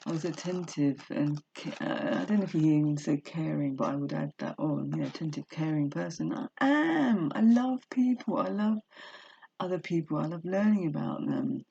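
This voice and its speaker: A woman's voice: low voice, animated, normal speed, creaky, warm tone, breathy edge, dull audio. A woman vlogging from home, reading a self-help book aloud and then rambling emotionally about her life. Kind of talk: casual personal vlog with book reading. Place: indoors at home. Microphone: laptop webcam.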